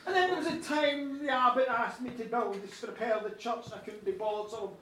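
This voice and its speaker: A man's voice: extremely high pitch, brisk, a bit bright, a little hiss or hum. A man voicing a boastful, sinful medieval monk who stammers through a rambling confession. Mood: confessing. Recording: roomy live recording from a distance.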